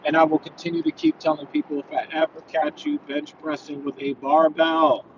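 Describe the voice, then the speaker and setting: Rambling trainer talking while driving. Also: male voice, on the high side, level tone, fairly quick, highs cut off, background noise. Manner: rambling and earnest, with many fillers. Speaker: personal trainer. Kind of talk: casual driving vlog, talking while he drives. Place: inside a car.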